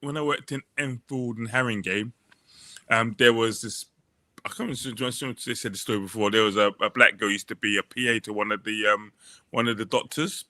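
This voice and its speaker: Bright-voiced man. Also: fairly low pitch, fairly quick, dry recording. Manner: rambling, restarts a lot, animated when telling stories. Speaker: podcast host. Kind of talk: casual chat, storytelling.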